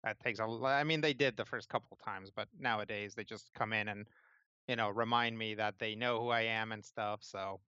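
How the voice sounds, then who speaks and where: A man's voice: on the low side, steady tone, normal speed, pushed and bright, clean tone, no room sound. A man narrating as game master, talking in a loose, rambling way full of fillers. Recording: dry, slightly muffled lo-fi sound.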